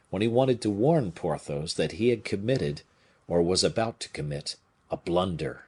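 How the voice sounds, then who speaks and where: Narrating a classic novel as an audiobook, a man reads aloud with an expressive, dramatic delivery in a low, husky voice.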